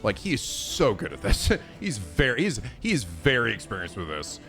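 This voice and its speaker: A man hosting a gaming video, reacting to news in a loose, profane, excitable way and laughing often. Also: lowish voice, moderate pace, soft background music. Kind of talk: casual reaction commentary.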